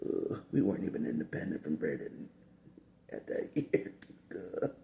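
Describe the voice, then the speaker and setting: A man's voice: a bass voice, expressive, moderate pace, creaky, pauses often, dark tone. A man talking casually to the camera in a rambling, repetitive way, chuckling between phrases. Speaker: video blogger. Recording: echoey room with faint background hum.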